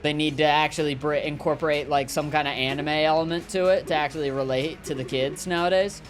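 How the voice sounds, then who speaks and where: A man's voice: on the high side, fairly even intonation, a little fast, faint music behind. A man chatting casually while playing a game, rambling and joking as he answers his chat. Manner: rambling, jokey, lots of fillers. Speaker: gaming streamer. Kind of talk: casual gameplay commentary, reading chat.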